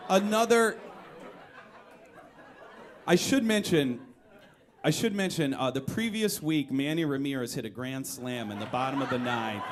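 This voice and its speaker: A young man delivers a live solo comedy story on the stage of a music venue, full of animation. He shouts and switches to high-pitched voices for quoted characters, drawing laughter from the crowd.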